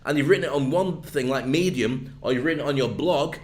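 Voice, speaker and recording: A man's voice: medium pitch, fast, reverberant. A man with a northern English accent, giving a chatty, jokey video lesson on content marketing. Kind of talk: casual video lesson to camera.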